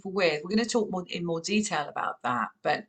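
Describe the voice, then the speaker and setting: A woman's voice: fairly low pitch, a little fast. A woman with a Southern English accent hosting a podcast interview, chatty and encouraging, with frequent affirming interjections. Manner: animated, encouraging, many affirming yeahs. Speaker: podcast host. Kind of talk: conversational interview.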